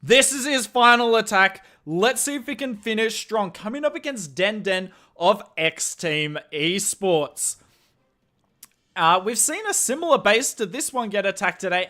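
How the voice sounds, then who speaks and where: Bright, excitable Australian male streamer. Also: high voice. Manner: excitable play-by-play, chatty asides to chat. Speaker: live-stream game commentator. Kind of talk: live game commentary.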